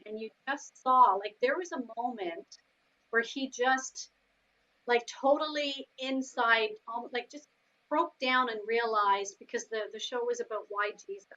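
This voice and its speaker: Earnest woman, halting speech, dull recording. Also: a little high, sharp tone. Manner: earnest, halting with many fillers. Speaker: team member. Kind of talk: casual chat.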